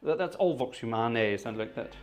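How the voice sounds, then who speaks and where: Male livestream host, jokey and chatty, lively pitch, home room mic. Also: brisk, soft background music. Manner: chatty, jokey, animated, thanks viewers by name. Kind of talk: casual livestream chat. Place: upstairs home room with organ. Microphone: room microphone.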